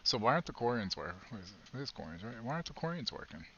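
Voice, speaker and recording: A man's voice: mid-range voice, big pitch swings, very fast, a bit bright. A man streaming a game, chatting casually and musing aloud while he plays. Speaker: gaming streamer. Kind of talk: casual live stream chat. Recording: dull sound with faint noise.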